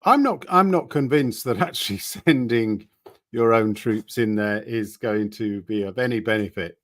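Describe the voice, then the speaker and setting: A man's voice: fairly low pitch, normal speed, a bit bright, dry recording, studio quality. A man giving casual, skeptical commentary on current events, often reading articles aloud and asking rhetorical questions. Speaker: political commentator.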